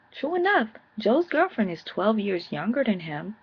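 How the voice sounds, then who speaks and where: Sassy, husky-voiced woman recapping reality TV. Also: medium pitch, sing-song, moderate pace, highs cut off. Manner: blunt, sassy and profane. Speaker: TV reality show reviewer. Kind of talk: casual vlog recap.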